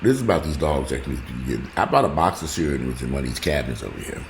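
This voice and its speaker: Deep-voiced, lively man vlogging. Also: racing, a little hiss or hum. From United States. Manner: animated, jumps between loud exclamations and low asides; rambling, joking, talks straight to the audience. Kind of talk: casual monologue to viewers.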